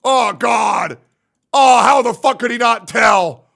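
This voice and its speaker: A man's voice: extremely high pitch, slow, creaky, a bit bright. Sarcastic, crude male streamer. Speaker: streamer reacting to a video. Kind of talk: casual stream commentary.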